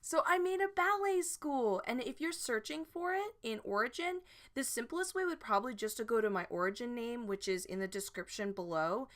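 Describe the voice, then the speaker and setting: A woman's voice: medium pitch, a bit bright. A woman vlogger chatting casually about her game build, rambling and giggly with frequent restarts. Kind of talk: casual chat.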